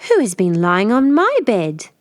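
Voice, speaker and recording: A woman voicing a motherly bear who growls softly and slowly in a storybook reading. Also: medium pitch, huge pitch swings, no room sound, studio quality. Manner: soft slow growl.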